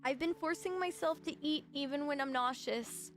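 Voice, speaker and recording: A woman streamer chatting casually to her viewers, bubbly and excitable with sudden shrieking outbursts. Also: high-pitched, normal speed, faint music behind.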